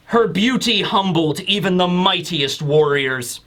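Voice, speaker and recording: A man giving a casual, animated manga chapter review, laughing often and acting out characters. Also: very high voice, normal speed.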